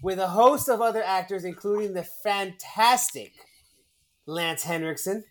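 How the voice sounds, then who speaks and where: A man's voice: high-pitched, measured pace, fairly bright tone. A man hosting a casual movie podcast, rambling and joking, often repeating his words. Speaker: podcast host.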